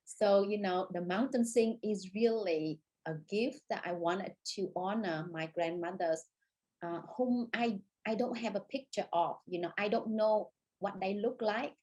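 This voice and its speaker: Husky-voiced Vietnamese woman, earnest and emotional. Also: mid-range voice, a little mellow, rough recording. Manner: earnest, emotional, halting at times. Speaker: author guest. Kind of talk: conversation in an online author event.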